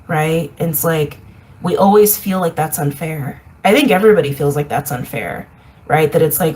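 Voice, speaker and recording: A woman giving a casual intuitive reading, meandering and repeating herself, reflective with soft laughs. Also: lowish voice, poor audio. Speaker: intuitive reader.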